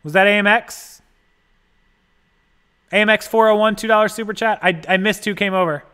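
A man with a high, bright voice hosts a casual livestream. He rambles and thinks aloud while tinkering with settings, and he stops to thank viewers for their donations. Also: fairly even intonation, moderate pace, clean tone. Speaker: livestream host. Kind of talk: casual live-stream chat.

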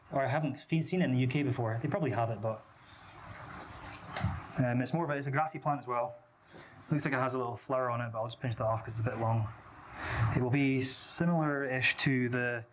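A young man with a mild Scottish accent talks a live audience through a hands-on aquascaping demonstration. He speaks in a relaxed, unpolished way and often restarts his sentences. A clear hum of room noise sits under his voice. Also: medium pitch. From Scotland. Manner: relaxed, explains while planting, many fillers and restarts. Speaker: aquascaping workshop instructor. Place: indoor workshop venue. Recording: noisy room ambience.

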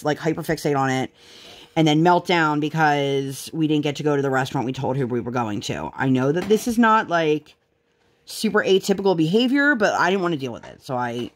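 A woman's voice: low voice, expressive, fairly quick. A woman in her thirties, a mother and vlogger, chatting casually and telling rambling stories while she crafts. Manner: rambling storytelling with fillers, bright sign-off.

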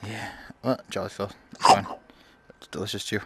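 A man's voice: lowish voice, little pitch movement, normal speed, heavy background noise. A young man casually commentating a game, crude and mumbling, talking back to the characters. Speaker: gaming streamer. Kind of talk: casual let's-play commentary.

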